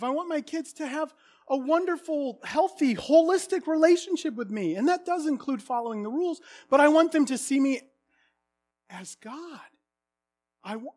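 Earnest high-voiced male preacher. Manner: earnest, swings from hushed to loud exclamations. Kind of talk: sermon.

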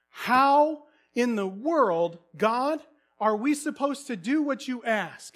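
Man, thirties, lively pastor, high voice, acts out stories in a sermon. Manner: animated storytelling, acting out characters, bursts of loud calls.

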